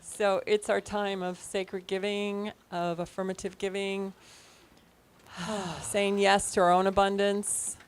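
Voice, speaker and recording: A woman minister leading the offering and the affirmation in a gentle, unhurried way. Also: medium pitch, flat delivery, clean tone.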